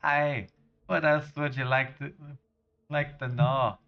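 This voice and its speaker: Tough scottish fight trainer guy, man faking the accent, clipped rough talk, kinda lo-fi sound. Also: mid-range voice, fairly even intonation, takes it slowly. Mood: gruff. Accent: put-on Scottish. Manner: rough, folksy, clipped dialect. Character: tough male brawler trainer, gruff.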